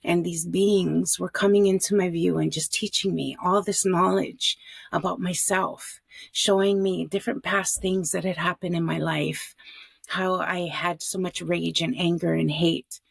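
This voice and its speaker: A woman's voice: lowish voice, flat delivery, unhurried, vocal fry, breathy edge, dry recording, clean studio sound. A middle-aged woman from Hawaii, a podcast guest earnestly telling a heartfelt personal story.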